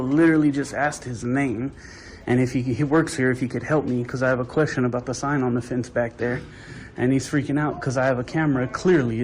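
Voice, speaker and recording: A man's voice: medium pitch, darkish tone, poor audio. A man talking to his own camera, indignant and complaining as he films a dispute. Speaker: video-recording visitor. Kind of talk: self-narrated confrontation vlog.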